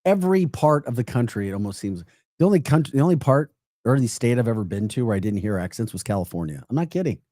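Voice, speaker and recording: A man's voice: mid-range voice, quick pace, no room sound, clean studio sound. A male morning radio host with a St. Louis Midwestern accent, chatting and joking casually on air. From St. Louis, Missouri. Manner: chatty, joking, animated asides. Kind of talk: casual radio show banter.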